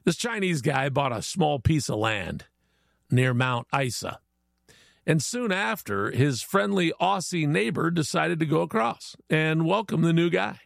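A man's voice: on the high side, lively intonation, a little slow, creaky, no room sound, studio quality. A man hosting a casual morning show, folksy and chatty, plugging local spots and telling a joke of the day. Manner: folksy, chatty, laughs easily. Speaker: radio show host.

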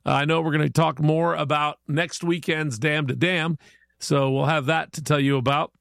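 A man's voice: a little high, fairly even intonation, normal speed, gravelly, a bit bright, no room sound. A male radio morning show host in casual chat, upbeat, chatty and friendly, in a studio.

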